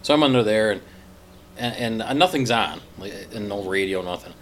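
Rambling low-voiced man chatting. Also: animated, a bit bright, slight background noise. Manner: rambling, halting with restarts. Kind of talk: casual chat.

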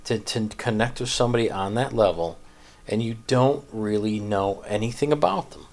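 A man's voice: fairly low pitch, normal speed. A man hosting a casual chat, listening and reflecting thoughtfully on what he hears.

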